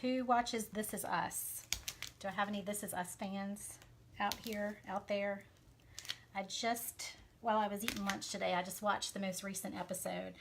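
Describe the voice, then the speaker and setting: A woman's voice: medium pitch, fairly even intonation, moderate pace, gravelly, background noise. A woman with a Southern American accent chatting casually with viewers as she works on a craft live stream, with plenty of fillers along the way. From Southern United States. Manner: chatty, talks to viewers while working, many fillers. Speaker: craft vlogger.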